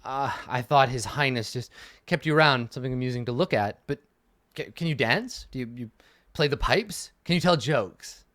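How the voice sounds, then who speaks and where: A man's voice: medium pitch, normal speed, fairly bright tone, no echo, close to an everyday voice. A man voicing a cocky young male noble duelist in a tabletop game, teasing and playfully arrogant.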